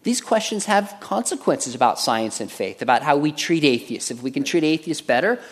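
A man in a stage debate, reasoning in an earnest, measured way. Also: a little high, lively intonation. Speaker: Christian debater.

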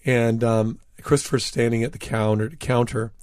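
Sharing stories in an interview, a male author speaks earnestly, leaning on frequent fillers and slowing down to stress key words. His voice is middling in pitch, steady and a little mellow. The studio sound is close and dry, with no room sound.

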